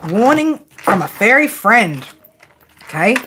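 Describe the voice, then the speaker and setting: A woman's voice: on the high side, sing-song, slow, background noise. An Australian woman giving a casual tarot reading to her viewers, blunt, teasing and heavily profane. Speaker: tarot reader.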